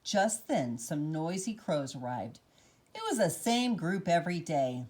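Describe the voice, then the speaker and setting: A woman reads a children's story aloud with expressive storytelling. Her pitch moves lively and animated through each sentence. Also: a little slow, slightly rough. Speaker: children's book reader.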